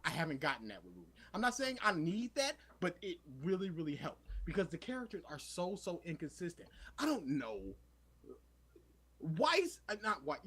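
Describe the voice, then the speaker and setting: An animated young man chatting on a podcast, his husky voice swinging widely in pitch. He tells stories with energy and slips into quoted voices as he goes. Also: normal speed. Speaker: podcast co-host. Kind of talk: casual chat.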